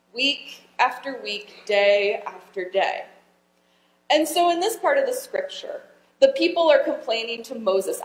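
Woman pastor preaching in an echoey hall. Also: fairly high pitch. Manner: conversational, asks the congregation questions. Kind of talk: sermon.

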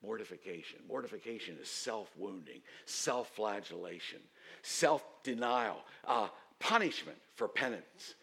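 Bright-voiced male preacher, storytelling. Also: lowish voice, lively intonation, a little slow, creaky, breathy edge. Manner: storytelling, rising to loud emphatic outbursts. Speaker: pastor. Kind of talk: sermon.

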